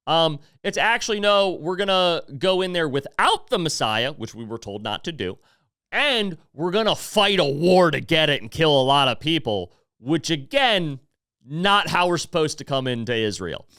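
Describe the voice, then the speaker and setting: A man's voice: fairly high pitch, sing-song, normal speed, sharp tone, clear, resonant tone, dry recording, clean studio sound. Heated, profane podcast host man. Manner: heated, profane and blunt, with apologetic asides. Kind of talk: casual opinion rant.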